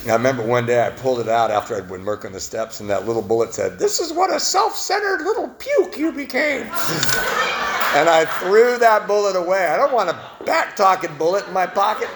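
A man sharing his recovery story at a meeting, self-mocking and laughing at his own past, swinging between loud bits and quiet confession. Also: mid-range voice, lively intonation, quick pace, few pauses, slight background noise. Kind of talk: personal testimony at a recovery meeting.

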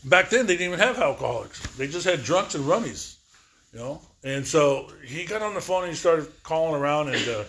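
A man's voice: a little high, animated, fairly quick, fairly bright tone. Rambling man in his sixties telling his story. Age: 60s. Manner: rambling, repetitive storytelling with many fillers. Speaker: recovery speaker. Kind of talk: personal recovery testimony.

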